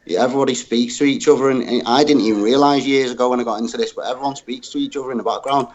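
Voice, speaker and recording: A man's voice: mid-range voice, fairly even intonation, rapid-fire, darkish tone, dull audio. A man calling into a livestream in casual talk, blunt and swearing, tacking "mate" onto nearly every sentence. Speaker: call-in guest on a livestream.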